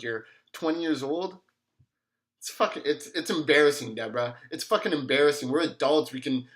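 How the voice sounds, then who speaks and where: A man's voice: medium pitch, natural voice. A man acting out a furious young husband, ranting and swearing about his kids. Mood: bitter.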